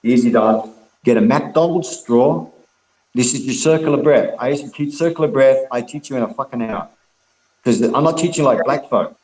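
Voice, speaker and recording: A man's voice: mid-range voice, fairly quick, a little mellow. Laid-back rambling man, roomy echo. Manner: rambling, laid-back, heavy swearing, calls people mate and brother. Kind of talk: casual group call chat.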